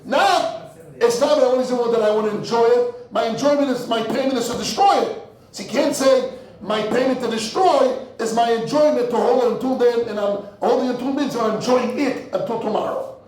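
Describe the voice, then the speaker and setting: A man teaches Talmud in a very echoey room, his voice pitched unusually high. He works through the text aloud, switching between English and Hebrew and Yiddish terms and repeating words as he searches for the next thought. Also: a little fast, a little mellow. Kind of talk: in-depth Talmud lecture.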